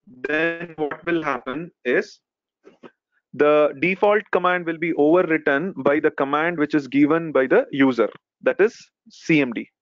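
A male instructor teaching a live online technical class, explaining step by step with frequent "okay" and "right". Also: fairly high pitch. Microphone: video call. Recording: dull lo-fi call audio.

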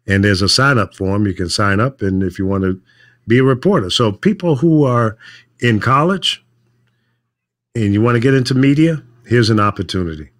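An older man, a radio veteran, chatting casually in a measured, plain-spoken way with frequent fillers. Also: on the low side, lively intonation. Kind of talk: casual chat.

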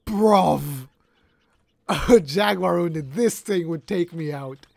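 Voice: mid-range voice, a little slow, gravelly, a little mellow, dry recording. A gaming video creator giving casual, playful gameplay commentary, laughing often and hamming up mock-dramatic lines.

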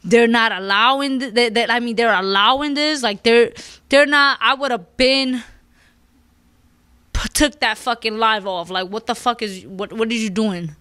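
A woman podcast host ranting with emphatic, profane opinions in loose, casual chat. Her voice sits on the higher side and sounds close and dry, with no room around it. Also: a little slow, pushed and bright, smooth, no echo. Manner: emphatic, profane, repeats "you understand?".

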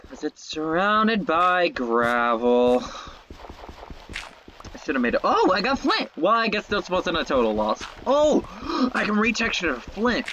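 A woman giving casual gameplay commentary, excitable, talking to herself and swearing when things go wrong. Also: on the low side, unhurried, lo-fi sound, a little hiss or hum. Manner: excitable, talks to herself, swears, frequent yelps and laughs.

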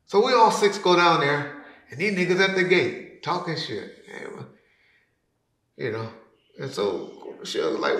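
A man telling a story as an interview guest, casual and slangy, acting out other people's lines loudly and trailing off into low mutters. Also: moderate pace. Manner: animated, acts out quotes loudly; slangy, drops to a mutter at ends of phrases. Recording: roomy echo.

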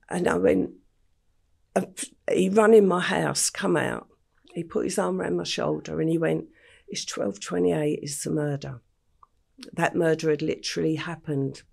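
An older woman from England, telling her life story in an interview at a slow, matter-of-fact pace. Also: low-pitched, a little mellow. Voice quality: gravelly, husky voice. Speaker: podcast guest.

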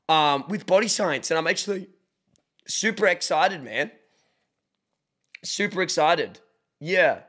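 A young man chatting casually on a live stream, joking and breaking into mock shouts, recorded on a desk microphone at home. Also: high voice. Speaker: livestreamer.

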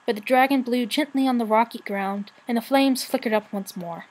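A woman's voice: fairly high pitch, fairly quick, a little mellow, rough recording. Woman reading a storybook aloud. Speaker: channel host reading a novel aloud.

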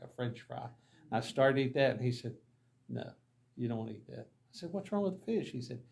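Gravelly and dark in tone, at a medium pitch, a pastor's voice carries his Bible class through humorous, folksy mission stories, with the dialogue acted out.

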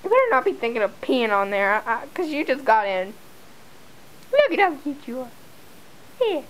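A woman's voice: very high voice, very animated, normal speed, rough recording. A woman filming her dog at home, talking to it in exaggerated sing-song baby talk.

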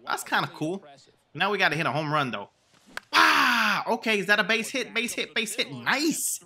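A young man giving live commentary over his own video game, casual and excitable, shouting at big plays. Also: a little high. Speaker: gaming channel host.

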